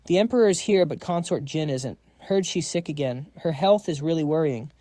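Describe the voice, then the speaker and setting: A man reading out a dubbed historical drama story, voicing every role in an even, read-aloud delivery. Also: fairly high pitch, fairly quick, no room sound, studio quality. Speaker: story narrator.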